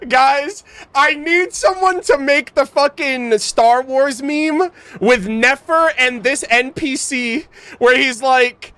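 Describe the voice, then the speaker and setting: Animated young man reacting to a game. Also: extremely high pitch, takes it slowly, no room sound. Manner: animated, laughs often, breaks off to joke with chat. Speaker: streamer.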